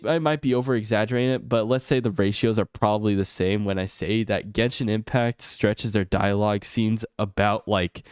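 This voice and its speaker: A gaming streamer launches into a loose, unscripted rant full of swearing, his voice smooth, resonant and darkish in a dry, close recording with no room echo. As his exasperation builds, his pitch shoots up high before settling back into a medium-toned grumble.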